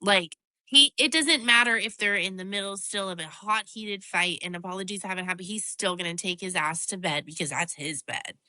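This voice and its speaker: Woman, podcast co-host, bright voice, dry close mic, expressive. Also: mid-range voice, normal speed, dry recording. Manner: expressive, laughs often, swears freely. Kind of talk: casual chat recapping a reality show.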